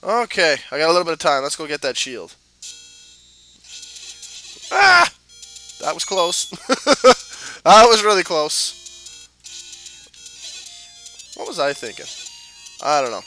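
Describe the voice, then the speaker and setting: Excitable, profane guy, bright voice. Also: fairly high pitch, takes it slowly, pauses often, faint music behind. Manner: profane, excitable, self-mocking. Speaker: let's play host. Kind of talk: let's play commentary.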